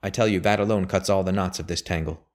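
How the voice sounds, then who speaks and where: A man's voice: low-pitched, fairly even intonation, quick pace, natural voice. A man reading aloud, voicing a grave, shrewd elderly lawyer who speaks emphatically. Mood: emphatic. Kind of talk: audiobook character voice.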